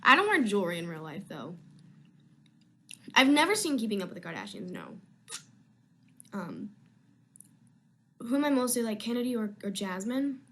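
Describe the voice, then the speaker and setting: Young woman, live chat from home, rambling and chatty, lively pitch, husky tone. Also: moderate pace, pauses often. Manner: chatty, rambling, easily sidetracked. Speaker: actress answering fan questions. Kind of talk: casual live video chat.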